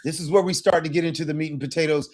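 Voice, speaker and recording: A man whose first language is English, teaching a Spanish class in a lively, upbeat way and checking in with "right?" and "okay?". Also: a little high, very fast. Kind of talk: classroom lesson.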